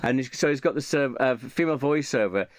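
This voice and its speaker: A man's voice: medium pitch, fast talker, no room sound. A man chatting casually and rambling, with many fillers and restarts. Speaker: channel host.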